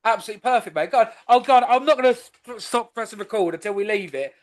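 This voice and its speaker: High-voiced rambling podcast host man. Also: fast talker. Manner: loose, rambling, swearing freely. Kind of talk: casual podcast chat.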